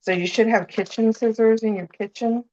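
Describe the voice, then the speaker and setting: A woman's voice: fairly high pitch, steady tone, moderate pace, warm tone, lo-fi sound. A woman cooking live as a guest food expert, chatting and explaining each step and often checking in with "okay?" and "right?". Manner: chatty, explains as she works, ends points with "you know?", "okay?", "right?".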